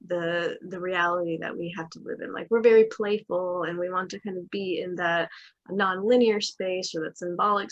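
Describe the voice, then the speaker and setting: Woman, podcast host, gravelly voice, halting searching questions, dull lo-fi audio. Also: lowish voice. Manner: searching, halting phrasing with fillers. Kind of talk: interview questions.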